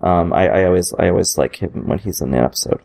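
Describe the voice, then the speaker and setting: A man co-hosting a casual podcast, talking in a relaxed, halting way with frequent restarts. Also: low-pitched, vocal fry. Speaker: podcast co-host. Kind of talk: casual TV recap chat.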